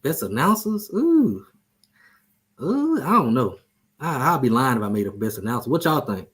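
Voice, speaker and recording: Guy hosting a sports talk show, loose and jokey, likes to trash talk, regular-pitched voice. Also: very animated, normal speed, fairly bright tone. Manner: loose, joking, trash-talking. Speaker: show host. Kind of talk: casual sports chat.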